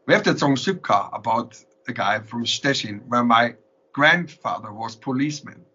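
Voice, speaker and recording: A man with a German accent telling animated stories in an interview, often laughing and restarting his sentences. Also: medium pitch, moderate pace, breathy edge. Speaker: interviewed musician. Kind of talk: storytelling in an interview. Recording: lo-fi recording.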